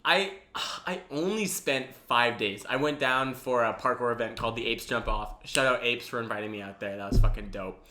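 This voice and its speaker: A man's voice: medium pitch, moderate pace, bright, forceful tone. A man hosting a podcast, talking in a rambling way with many restarts and casual swearing. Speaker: podcast host. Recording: echoey room with faint noise.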